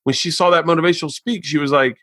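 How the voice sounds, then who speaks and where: Brief: male podcast host, forties, animated storyteller, dry close sound. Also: on the high side, fast, no echo. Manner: animated storyteller, swears a lot, acts out quotes. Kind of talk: casual chat. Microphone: remote podcast mic.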